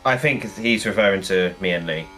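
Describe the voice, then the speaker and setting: A man's voice: deep voice, brisk, a bit bright, slight background noise. A man chatting casually as a guest on a game stream, rambling and laughing as he talks. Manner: rambling, laughs while talking. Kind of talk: casual chat.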